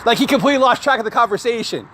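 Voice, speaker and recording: A man's voice: very high voice, lively intonation, rapid-fire, fairly bright tone, a little hiss or hum. A man hosting a casual comedy podcast, blunt and sarcastic in his critiques. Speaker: podcast host.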